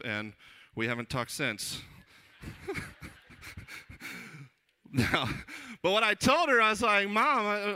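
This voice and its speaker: A man's voice: mid-range voice, clean tone. A man in his thirties, a children's pastor, giving a conversational sermon full of funny stories and acted-out voices. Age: 30s. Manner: animated, jokey, acts out quoted voices.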